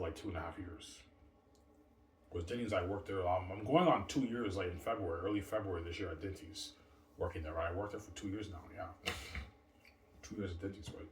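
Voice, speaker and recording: A middle-aged vlogger delivers a rambling, repetitive monologue, circling back to the same points and saying "man" a lot. His low voice moves a little fast, with slight hiss or hum and a roomy echo from a distant mic.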